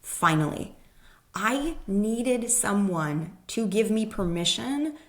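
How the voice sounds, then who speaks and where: A woman's voice: mid-range voice, expressive, slow pace. A woman guest, a human design expert, telling a personal story in casual conversation and acting out the people she quotes.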